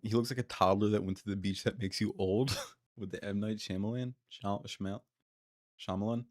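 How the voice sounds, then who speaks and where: A man's voice: on the low side, steady tone, brisk, dry recording, studio quality. A man streaming live, reacting to a clip with exasperated, mocking, profane commentary.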